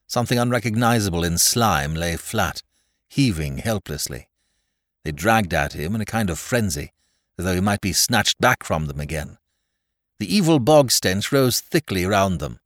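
A man narrating a classic mystery novel in a lively, dramatic reading style. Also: low-pitched, measured pace, no echo, studio quality. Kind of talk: audiobook narration.

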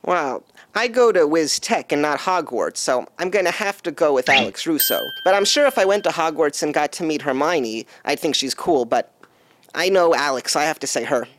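A man's voice: fairly high pitch, animated, moderate pace, a bit bright, slight background noise. A man being interviewed as an actor guest, answering in an eager, chatty, rambling way.

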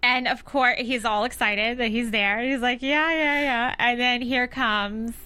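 A woman co-hosts a casual chat and laughs a lot between her lines. Her voice sits a little high and sounds bright. She quotes scenes in little voices. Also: fairly even intonation, unhurried, smooth. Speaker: co-host.

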